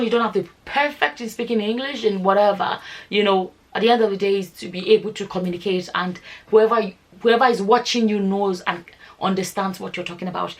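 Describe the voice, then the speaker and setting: A Nigerian woman with a Nigerian accent giving her views on a casual vlog, firing off rhetorical questions and slipping into Nigerian Pidgin. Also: medium pitch. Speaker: vlogger.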